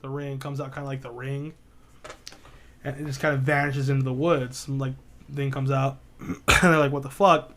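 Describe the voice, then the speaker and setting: A man talking casually on a podcast, retelling a story in a loose, rambling way. He swears often and leans on filler words. His pitch stays fairly flat throughout. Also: normal speed, slight background noise. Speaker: podcast co-host. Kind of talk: casual chat.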